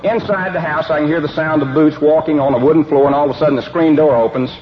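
A man's voice: fairly high pitch, fast talker, a crowd in the background. Man telling a story, dull lo-fi sound. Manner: animated storyteller acting out dialogue. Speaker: football coach and speaker. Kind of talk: humorous storytelling speech. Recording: dull lo-fi recording with faint hiss.

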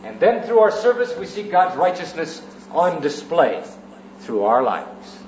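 A man's voice: a little high, big pitch swings, a little slow, darkish tone, slight background noise. A man preaching an evening sermon in a church, teaching in orderly sections and repeating key phrases for emphasis. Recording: roomy, muffled church recording.

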